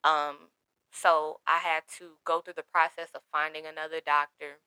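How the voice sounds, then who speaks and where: A woman's voice: low voice, flat delivery, normal speed, pushed and bright, clean tone, no room sound. A young woman, telling an emotional personal story candidly and quoting others in her own voice.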